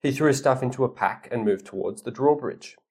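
A man's voice: mid-range voice, fairly quick, a little mellow. A man tutoring a learner one-on-one, reading a storybook aloud, explaining words and acting out quotes with playful mock grumbling.

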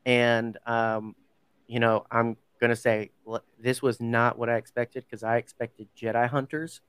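A man hosts a relaxed podcast conversation, rambling with fillers and quick self-corrections. His voice is smooth and clear. The room is dry and close to the mic. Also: mid-range voice, no echo. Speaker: podcast host. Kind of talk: casual podcast chat.

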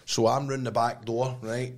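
A man's voice: mid-range voice, moderate pace. A Scottish man co-hosting a podcast, telling a funny story in casual chat and acting out the voices with frequent laughs. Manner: animated storyteller, acts out voices and laughs often. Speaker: podcast co-host. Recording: noisy background.

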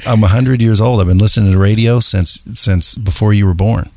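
A man in his fifties hosting a casual interview, with a raspy voice and a joking, self-mocking manner. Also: lowish voice, a little fast, a little mellow, no room sound, clean studio sound. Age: 50s. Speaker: podcast host.

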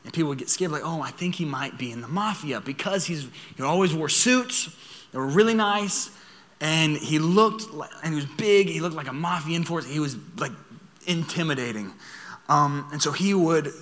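A young man preaching a sermon, telling a story in an animated way and laughing as he goes. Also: a little high, normal speed, big-room sound. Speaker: pastor.

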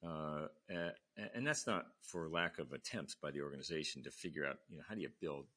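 An older man, a retired admiral, talking in a low, husky voice with a bright, forceful edge. He tells his story as an interview guest and acts out each person he quotes, pushing his pitch up high for them. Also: brisk. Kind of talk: storytelling in conversation.

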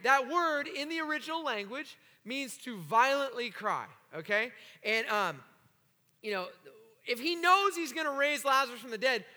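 A pastor preaching a sermon to his congregation, animated and joking with the room. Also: extremely high pitch. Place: church sanctuary. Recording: long hall reverb.

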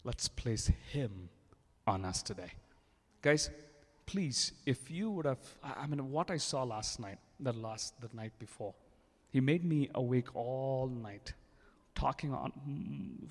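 A man's voice: medium pitch, animated, takes it slowly, a little mellow. A man from India with an Indian accent, preaching a sermon in a fervent, repetitive way, often restarting his phrases. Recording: long reverb of a large hall.

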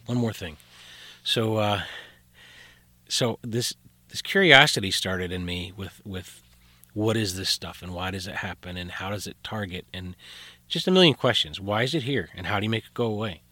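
A man's voice: deep voice, no echo. A middle-aged man casually telling a personal story as a podcast guest, full of fillers and acting out what others said. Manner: animated storyteller, acts out quoted dialogue, many fillers.

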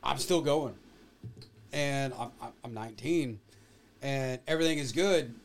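A man telling a story in casual chat, hesitant and low-key. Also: unhurried. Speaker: podcast guest.

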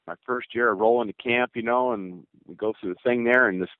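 A man's voice: mid-range voice, brisk, dry recording, phone-quality sound. An older man talks through a cell phone, and the line sounds thin and dry. He rambles through his stories, laughing and joking as he goes. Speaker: former pro baseball player as guest. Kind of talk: casual storytelling interview.

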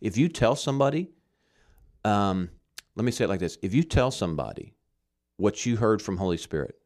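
Man from Arkansas, lowish voice, earnest and emphatic, Christian teaching in a talk, keeps saying okay. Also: lively intonation, a little fast, darkish tone. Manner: earnest, emphatic, frequent "okay?" check-ins.

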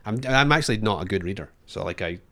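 A man's voice: lowish voice, expressive, fast talker, pushed and bright. A man co-hosting a podcast, talking casually with many restarts and fillers. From Australia. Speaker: podcast co-host.

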